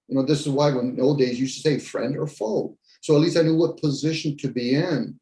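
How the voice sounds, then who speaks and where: A man's voice: mid-range voice, fairly even intonation, fast, hardly any pauses, dark tone. A man in casual conversation, talking bluntly and ranting, with some swearing. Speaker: podcast host. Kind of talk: casual debrief chat. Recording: echoey room.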